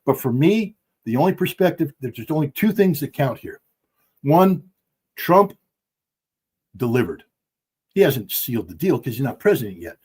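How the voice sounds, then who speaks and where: A man's voice: medium pitch, big pitch swings, moderate pace, pauses often, darkish tone, slightly rough. A middle-aged man giving heated, emphatic podcast commentary from home, blunt and impassioned. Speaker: guest commentator. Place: at home with dogs.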